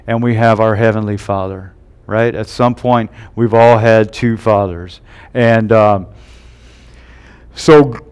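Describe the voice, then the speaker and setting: A man preaching a sermon from the pulpit. His voice is smooth and resonant, sitting in a middle pitch, and he keeps punctuating his points with "right?" and "amen?" to draw in the congregation. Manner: tags lines with "right?" and "amen?". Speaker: pastor.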